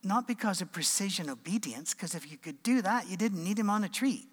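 Middle-aged pastor, a comic storyteller who acts out voices; slightly high voice in a reverberant hall. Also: male voice, fairly quick, slightly rough. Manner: animated storyteller, acting out voices. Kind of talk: sermon with humorous storytelling.

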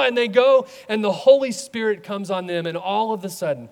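Male pastor, high voice, lively sermon, echoey hall. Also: brisk. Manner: animated, acts out voices in his retellings.

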